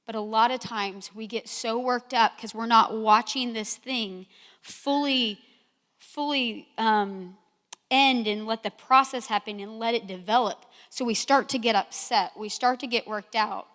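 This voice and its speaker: Speaking at a church gathering, a middle-aged woman preaches with frank stories from her own life, acting out how she reacted. Her voice is slightly high, a little slow, and somewhat bright, with long hall reverb from the sanctuary.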